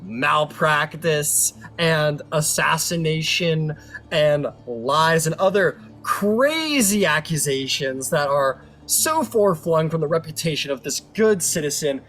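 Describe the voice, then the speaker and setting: A man's voice: lively intonation, takes it slowly, fairly bright tone, full character voice. A man playing a scheming, rule-bending male lawyer in a tabletop game, speaking in a theatrical courtroom style. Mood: grandiose. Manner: theatrical courtroom oratory, booming objections. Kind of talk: tabletop role-play.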